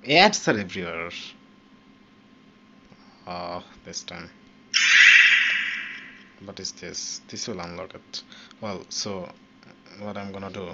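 A man giving casual commentary while he plays a pool game, reacting loudly and often swearing at what happens on screen. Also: low voice. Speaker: gaming channel host. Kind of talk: casual live gameplay commentary. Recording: dull lo-fi mic with steady background noise.

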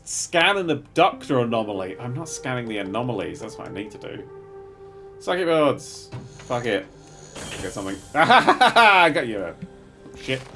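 Animated man muttering through gameplay. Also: on the low side. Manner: mutters to himself, swears freely, bursts into excited exclamations. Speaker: streamer. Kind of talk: live gameplay commentary.

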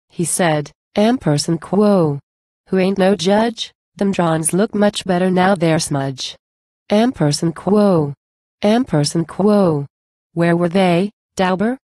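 A woman reciting a long narrative poem in a scripted, even delivery, reading stray symbols aloud as words. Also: on the low side, dry recording, studio quality. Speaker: poetry reader.

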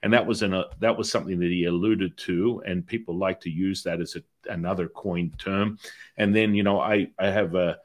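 Man, middle-aged, podcast host, somewhat low voice, rambling conversational delivery. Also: steady tone, moderate pace. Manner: rambling, with restarts and anecdotes. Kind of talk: conversational interview.

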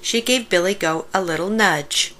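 A woman reading a children's picture book aloud, slowly and expressively. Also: lowish voice. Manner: slow, warm-paced expressive reading. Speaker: storybook reader. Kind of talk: children's story read-aloud.

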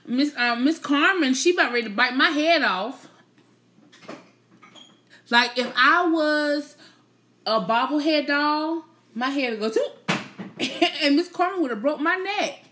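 A woman with a high, bright voice hosts a casual live stream. She chats with her viewers at an unhurried pace, teasing them playfully and laughing often. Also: lively intonation, slight background noise.

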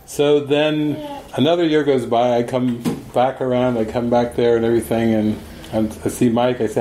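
A mellow-voiced man teaching a group, telling a story with lively flair and voicing its characters as he goes. He is recorded in an echoey room with a faint hiss behind him. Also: mid-range voice, moderate pace. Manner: animated storyteller, acts out the voices of people in his stories. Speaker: spiritual teacher. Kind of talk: storytelling talk at a gathering.

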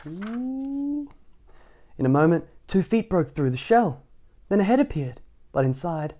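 A man reads a children's picture book aloud at a relaxed, everyday pace. His voice is warm and mellow, and he keeps breaking off the story for gentle asides to young listeners. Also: high voice, a little slow. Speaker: storytime reader.

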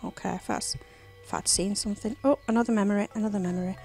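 A woman's voice: medium pitch, steady tone, fast, creaky, darkish tone, soft background music, rough recording. A woman giving chatty, silly let's play commentary, singing and whispering to herself as she plays. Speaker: gameplay commentator.

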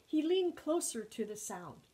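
Woman librarian, storytime reader, high voice, unhurried. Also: low-quality recording. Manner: expressive, animated storyteller. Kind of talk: storytime read-aloud.

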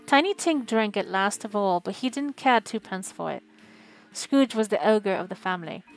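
A woman streamer reading a classic novel aloud in a steady, expressive manner. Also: medium pitch. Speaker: audiobook reader and streamer.

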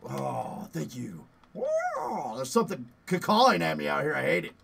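A man streaming a horror game, yelling and playfully cursing at enemies, out of breath after push-ups. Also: on the high side, huge pitch swings, measured pace, vocal fry, very noisy. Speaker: gaming streamer. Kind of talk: live gameplay commentary.

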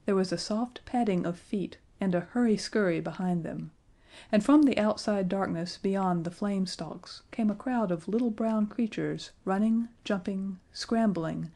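A woman narrating a children's fantasy audiobook in a gentle, measured way. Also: medium pitch. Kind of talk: scripted storybook narration.

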